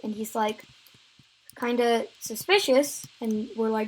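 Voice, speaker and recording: A woman's voice: fairly high pitch, steady tone, unhurried, poor audio. A woman vlogger telling a story time tale, rambling with many fillers and restarts.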